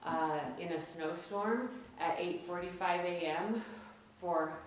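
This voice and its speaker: A woman in her late thirties telling a personal story to an audience, conversational and self-deprecating, with quick asides. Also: on the low side, slight background noise. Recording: very echoey hall.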